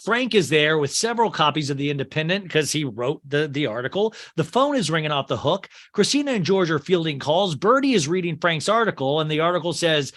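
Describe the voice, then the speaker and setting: A man hosting a podcast, recapping a movie in a casual, animated way with lots of fillers. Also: fairly high pitch, brisk, few pauses. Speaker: podcast host.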